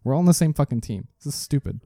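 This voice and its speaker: A man co-hosts a loose podcast chat, ranting and swearing with frequent laughs. His voice sits very dark and mellow. The recording is dry, with no room sound. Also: a little high, animated, rapid-fire, no echo. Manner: profane, ranting, laughs often. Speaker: podcast co-host.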